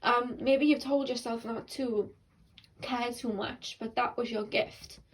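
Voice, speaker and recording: A woman's voice: a little high, steady tone, slow pace, slight background noise, poor audio. A young woman giving a casual, earnest tarot reading to her viewers, rambling with fillers and restarts, at times tearful. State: tearful and emotional. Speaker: tarot card reader.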